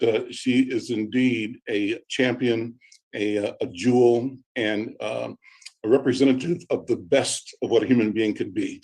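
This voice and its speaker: Deliberate man pausing with uhs. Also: mid-range voice, darkish tone. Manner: deliberate, frequent "uh" pauses. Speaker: interviewer and community speaker. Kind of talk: tribute speech on a video call.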